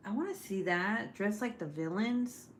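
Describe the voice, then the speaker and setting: A woman's voice: medium pitch, normal speed, slight background noise. A woman chatting casually with her viewers during a live stream, talking loosely, laughing a lot and swearing freely. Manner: chatty and profane, laughs often. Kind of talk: casual chat.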